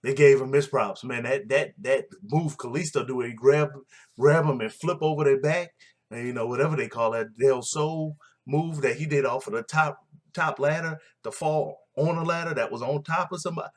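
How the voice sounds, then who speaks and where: A man's voice: mid-range voice, moderate pace. Blunt, rambling man. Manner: blunt, opinionated, rambling with fillers. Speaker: wrestling recap vlogger. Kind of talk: casual show recap.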